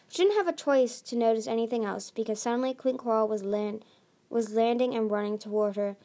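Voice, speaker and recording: A woman reading a fantasy novel aloud, slowly and haltingly, with frequent restarts. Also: a little high, mellow. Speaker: audiobook reader. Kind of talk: amateur audiobook narration.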